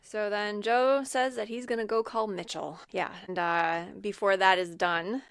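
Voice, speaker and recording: A woman's voice: medium pitch, fairly even intonation, a little slow, fairly bright tone, smooth. A woman co-hosting a casual podcast, walking through a film plot with plenty of "um"s and "like"s. Her voice sits in a middle range. The sound is dry and close, with no room echo. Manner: rambling retelling with many fillers. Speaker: podcast co-host. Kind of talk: casual chat, retelling a film.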